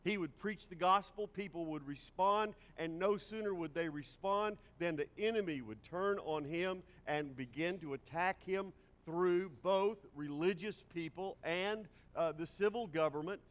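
A middle-aged male pastor delivers a sermon in a church sanctuary, his slightly high voice trailing a long reverb through the hall. He leans on emphasis by slowing down, speeding up, and dropping or raising his volume. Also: fairly bright tone. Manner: varies pace and volume for emphasis.

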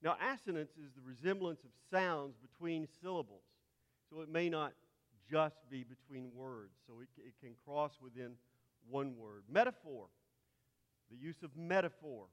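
A man's voice: a little high, normal speed. A man with a Texas accent teaching a Bible class, spelling out terms letter by letter as he lectures. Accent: Texan. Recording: long hall reverb.

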